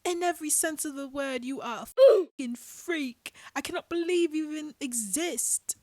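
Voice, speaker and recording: A woman voicing a furious young woman in a put-on British accent, shouting theatrical insults. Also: high voice, normal speed, dry recording, voice pushed up, close to an everyday voice.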